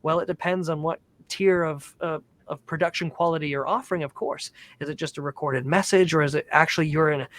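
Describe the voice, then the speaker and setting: A man's voice: on the high side, fairly even intonation, brisk, fairly bright tone, dry recording. A man who works as a professional Santa performer, chatting eagerly as a guest over a video call from his home studio. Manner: eager, talkative explainer. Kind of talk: casual interview chat. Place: home studio decorated with Christmas trees.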